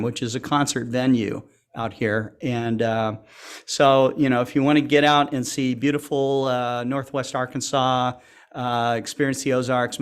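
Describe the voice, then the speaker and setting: A man's voice: mid-range voice, smooth. A man co-hosting an astronomy livestream, chatting casually and poking fun at himself, laughing often between rambling remarks full of fillers. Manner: joking, self-deprecating, laughs often; loose and rambling with many fillers. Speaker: co-host of an astronomy community livestream. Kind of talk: casual chat.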